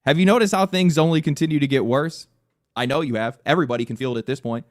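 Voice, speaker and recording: A male video essayist delivers a scripted argument in an earnest, rhetorical build. He talks quickly, and the recording is dry and close. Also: a little high, dry recording. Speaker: gaming commentary video host.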